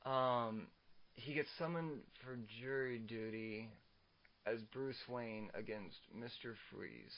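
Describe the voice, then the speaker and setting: A man's voice: medium pitch, slow. Young guy ranting about comics on a podcast, cusses constantly, stammers, kinda muffled audio. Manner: profane, ranting, stammers on restarts. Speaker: podcast co-host. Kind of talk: casual comics chat.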